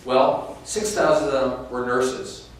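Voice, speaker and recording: A man's voice: medium pitch, flat delivery, slow pace. A man giving a talk to a room, telling a story and addressing the audience directly. He sounds far from the mic, and a heavy room echo trails every phrase. Faint background noise sits under his voice. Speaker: keynote speaker on inequality. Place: conference room.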